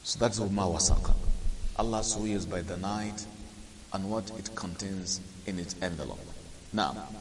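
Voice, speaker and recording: A man teaching a Quran and Arabic grammar lesson, explaining slowly, quizzing his listeners and chanting the Arabic verses. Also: deep voice. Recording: hissy recording with long reverb.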